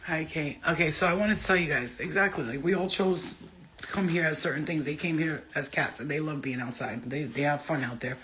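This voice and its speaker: Woman rambling into her phone for a vlog, bright sharp voice, cusses a lot, gets all excited. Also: deep voice, fairly quick, slight background noise. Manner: excitable, rambling, swears freely. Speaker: vlogger. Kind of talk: casual chatty vlog.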